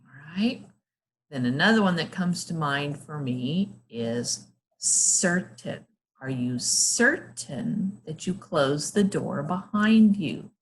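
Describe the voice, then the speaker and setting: A woman teaching a phonics lesson to young children, sounding out letters and words slowly and praising often. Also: sits low, animated.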